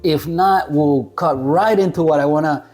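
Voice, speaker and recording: Mellow-voiced laid-back man reviewing coffee. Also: fairly high pitch, moderate pace, faint music behind. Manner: laid-back, chuckling, stumbles over names. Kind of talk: casual talk to camera.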